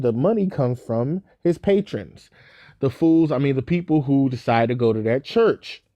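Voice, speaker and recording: Young male podcast host, mid-pitched, blunt and sarcastic, close and dry on the mic. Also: a little mellow, no room sound, lo-fi sound. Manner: blunt and sarcastic, with frequent fillers and restarts. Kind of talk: opinionated solo podcast commentary.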